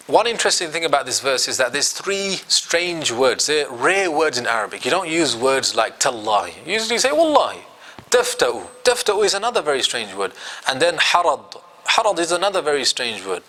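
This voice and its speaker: A man's voice: medium pitch, sing-song, fairly quick, pushed and bright. A man teaching a Quran commentary class, quizzing his students and acting out quotes.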